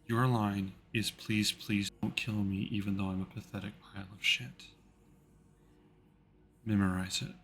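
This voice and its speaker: A man's voice: fairly low pitch, level tone, a little slow, pauses often, a bit bright, slight background noise. A man voicing a cruel, haughty female vampire bride who talks in a mocking, imperious way. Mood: contemptuous.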